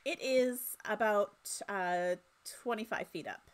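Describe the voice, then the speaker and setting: A woman's voice: mid-range voice, takes it slowly. A woman running a tabletop game as game master, chatty and amused.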